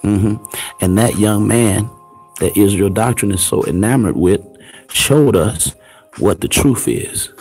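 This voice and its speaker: A man's voice: lowish voice, slow pace, a little mellow, breathy edge, soft background music. A man hosting his own online show, delivering a confrontational, preachy rant full of taunting rhetorical questions. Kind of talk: ranting commentary.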